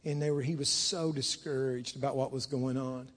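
A man preaching a sermon in a church, moving between hushed, low passages and loud, fervent stretches. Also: steady tone, normal speed. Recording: long hall reverb.

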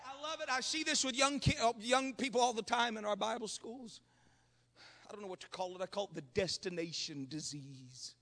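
A man preaching a sermon, dropping to hushed murmurs and then rising into shouted, rhythmic preaching with frequent amens. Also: high voice, moderate pace, in a large hall.

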